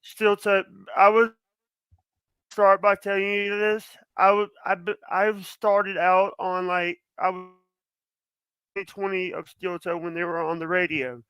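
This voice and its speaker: A man's voice: sits high, flat delivery, a little slow, fairly bright tone, clear, resonant tone, no echo, rough recording. A man talking as a podcast guest, nervous and stuttering, with many restarts. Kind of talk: casual chat.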